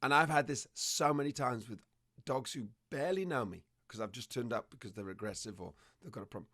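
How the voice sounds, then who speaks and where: Animated man telling dog stories. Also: mid-range voice, brisk. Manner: animated storytelling, acts out dog and owner voices. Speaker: dog behavior trainer. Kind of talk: conversational explanation.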